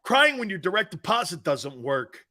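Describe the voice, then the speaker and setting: Brash animated sports talk host. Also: male voice, high-pitched, normal speed. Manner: brash, loud, laughs often, swears, answers chat comments. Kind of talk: casual sports radio chat.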